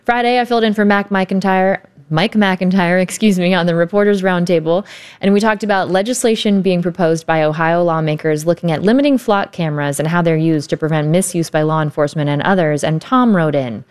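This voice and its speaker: A woman hosting a public radio talk show, wrapping up the interview and reading out listener mail in a measured way. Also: lowish voice, darkish tone. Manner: measured, clearly spelling out details.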